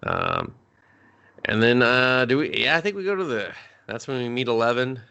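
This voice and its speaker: A man's voice: medium pitch, wildly swooping pitch, moderate pace, creaky, bright, forceful tone, clear, resonant tone, highs cut off. A young adult man co-hosting a movie review podcast, recapping scenes in profane, joking banter and slipping into silly voices. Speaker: podcast co-host.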